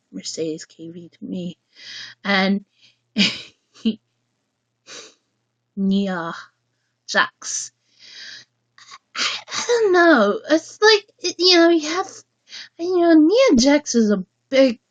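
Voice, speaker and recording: A woman hosting a casual livestream chat, rambling and halting as she restarts her sentences. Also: mid-range voice, no room sound, muffled recording. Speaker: livestream host.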